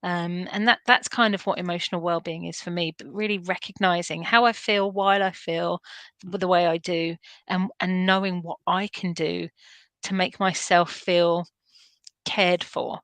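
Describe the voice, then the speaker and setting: A woman's voice: fairly low pitch, fairly even intonation, normal speed, fairly bright tone, no echo. A woman in an informal interview, speaking earnestly and animatedly about self-care, with frequent restarts and laughs. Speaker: guest, veterinary nurse and canine behaviourist.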